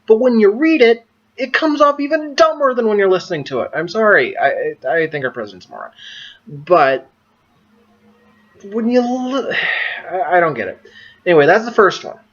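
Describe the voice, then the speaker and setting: A man's voice: high voice, big pitch swings, moderate pace, muffled recording. A man giving casual political commentary in a vlog, amused and exasperated, stumbling over his words. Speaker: vlogger.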